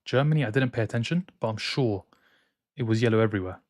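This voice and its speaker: A young male football watchalong streamer chats from his home streaming room in France, reading out and answering viewer chat with opinionated banter. His mid-range voice has a darkish tone and a quick pace, picked up on a dry, close mic.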